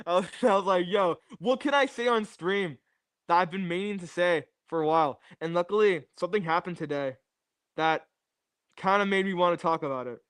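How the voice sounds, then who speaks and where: Young male streamer, jokey rambler, slightly high voice, dry close mic. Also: fairly bright tone, no echo. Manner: rambling, jokey, repeats catchphrases to chat. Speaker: livestreamer. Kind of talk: casual livestream chat. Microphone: new streaming mic.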